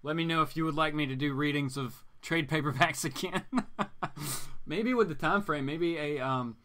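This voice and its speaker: A man with a bright, forceful voice hosting a live comics stream in a loose, rambling way. He sits a little higher in pitch than most men and keeps chatting back to the people watching. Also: normal speed. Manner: rambling and chatty, answers viewer comments. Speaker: comics show host. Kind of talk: casual live-stream chat.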